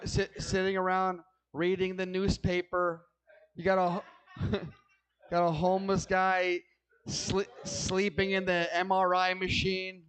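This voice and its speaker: A man's voice: sits high, clean tone, low-quality recording. A man doing a stand-up comedy set, ranting in a profane, agitated way and stammering through restarts.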